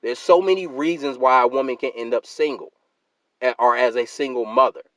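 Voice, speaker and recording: A man delivers a heated solo rant straight to his viewers. His voice sits at an ordinary middle pitch, and he keeps hammering and repeating his points. The sound is dry and close, with no room echo. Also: a little fast. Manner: emphatic and argumentative, repeats points, calls listeners fam and sister. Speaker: YouTube channel host.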